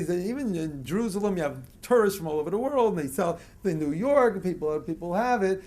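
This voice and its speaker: An older man from the United States speaks in a fairly high voice, giving a lecture to a live audience. He tells stories with frequent chuckles and leads the crowd in group chants. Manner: chuckles often while telling stories. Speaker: motivational speaker.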